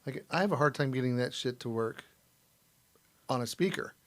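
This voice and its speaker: A man's voice: mid-range voice, normal speed. A man on a podcast panel in casual chat, matter-of-fact and blunt in his asides.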